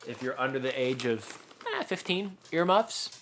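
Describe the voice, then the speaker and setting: A man co-hosting a podcast, chatting casually while tasting snacks, rambling and joking with loud bursts of laughter. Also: medium pitch, expressive, normal speed, slight background noise. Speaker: podcast co-host.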